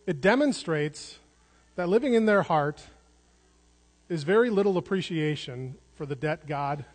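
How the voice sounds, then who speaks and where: A man's voice: fairly high pitch, expressive, a little slow. A man preaching a sermon in an earnest way, restarting words and repeating phrases for emphasis. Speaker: pastor. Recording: long hall reverb.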